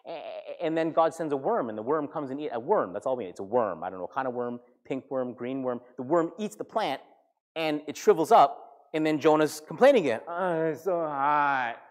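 A man, a pastor, preaching a sermon with animated storytelling and acted-out voices. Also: mid-range voice, brisk. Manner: animated storytelling, acting out characters.

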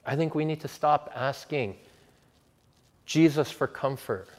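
A man preaching a sermon and leading a prayer, earnest and emphatic, slowing down to stress repeated words. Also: a little high, long reverb tail. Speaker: pastor.

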